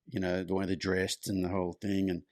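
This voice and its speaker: Middle-aged man, low voice, casual guest spinning a chatty yarn, dry close mic. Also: a little fast, no room sound. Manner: lively anecdotal storytelling, loose and chatty. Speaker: guest, horse clinician. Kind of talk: storytelling in conversation.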